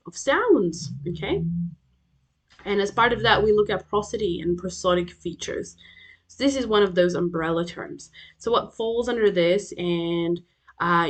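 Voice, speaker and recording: Woman tutor explaining lesson slides. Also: on the low side. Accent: Australian. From Australia. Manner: explanatory, with frequent "okay?" checks and fillers. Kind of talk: recorded lecture over slides.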